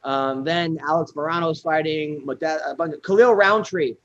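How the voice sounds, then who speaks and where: Podcast host, somewhat high male voice, rambling rundown, dull lo-fi sound. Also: moderate pace. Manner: rambling fight rundown with fillers. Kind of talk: casual podcast chat.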